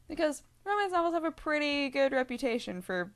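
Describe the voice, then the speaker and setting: A woman's voice: high voice, very animated, brisk. A young woman telling a rambling story to her vlog viewers, full of fillers, asides and giggles. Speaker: vlogger.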